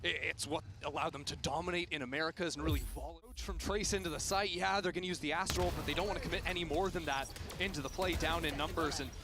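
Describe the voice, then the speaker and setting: A man giving analytical color commentary on an esports match, breaking into hype shouts. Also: a little high, fairly even intonation, fast, background noise. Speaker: esports caster.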